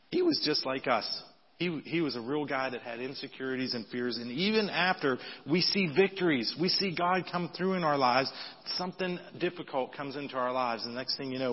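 A man preaching a sermon in a conversational style, reading scripture aloud with lively emphasis. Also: medium pitch, normal speed. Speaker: pastor. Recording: dull audio with long hall reverb.

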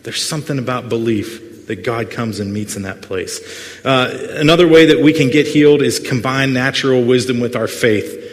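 A man's voice: medium pitch, normal speed. A man preaching a sermon as pastor, earnest but full of playful jokes and asides to the congregation. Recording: long hall reverb.

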